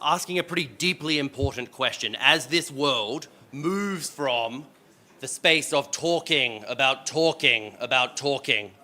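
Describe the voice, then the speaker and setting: A man with an Australian accent moderating a live panel event, energetic and self-deprecating. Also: a little high.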